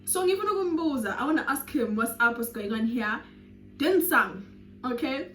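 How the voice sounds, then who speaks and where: A South African woman in her twenties telling a storytime vlog with animated, dramatic delivery and sudden loud bursts. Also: high voice, moderate pace, slight background noise. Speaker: YouTuber. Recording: roomy echo.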